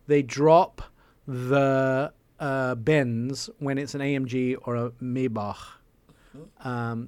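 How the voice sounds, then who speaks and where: Rambling enthusiastic radio host. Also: male voice, medium pitch, darkish tone, smooth, dry recording. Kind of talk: casual radio chat.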